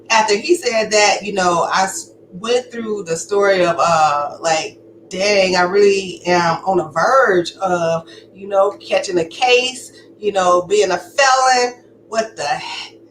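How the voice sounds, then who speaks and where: A woman's voice: medium pitch, a bit bright. Candid woman telling her own story. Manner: candid, conversational, emphatic. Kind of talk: personal testimony. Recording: echoey room with faint background noise.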